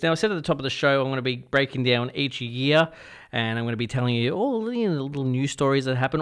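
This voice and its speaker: A man's voice: medium pitch, fairly bright tone. A young Australian man hosting a casual radio show, chatty and self-deprecating, sometimes stumbling over his words. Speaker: radio host. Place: radio studio.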